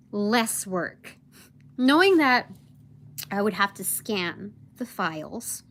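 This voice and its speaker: A young woman telling a work story on a casual livestream, rambling with many fillers and acting out her boss's lines. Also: mid-range voice. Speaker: vlogger.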